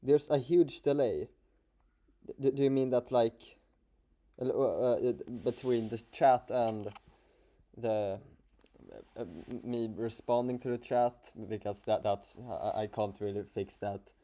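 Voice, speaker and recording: A man with a Swedish accent talks loosely to his livestream chat, stumbling and restarting his sentences as he goes. His voice sits at an ordinary middle pitch for a man. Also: steady tone, dark tone. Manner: halting, stammering, many restarts. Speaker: streamer.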